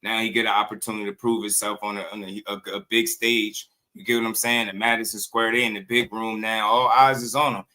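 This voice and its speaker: A man's voice: fairly low pitch, little pitch movement, a little fast, hardly any pauses, pushed and bright. A man hosting a boxing channel, talking in loose, slangy commentary and often breaking into laughter.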